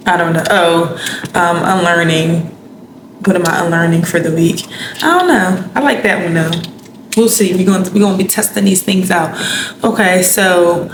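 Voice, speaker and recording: A woman hosting a solo podcast in a chatty, heartfelt way, talking straight to her listeners. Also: fairly low pitch. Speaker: podcast host. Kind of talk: solo casual podcast talk. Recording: echoey room with audible background noise.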